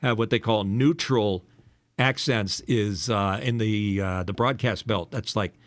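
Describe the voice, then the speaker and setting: A man's voice: lowish voice, a little slow, dry recording. Older man with a polished radio voice. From eastern United States. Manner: teasing, rambling, filler-heavy. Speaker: podcast host and former radio DJ. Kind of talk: casual chat.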